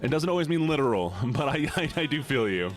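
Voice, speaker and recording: A young man from the United States, a streamer reading chat aloud casually, animated and laughing often. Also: mid-range voice, brisk, soft background music.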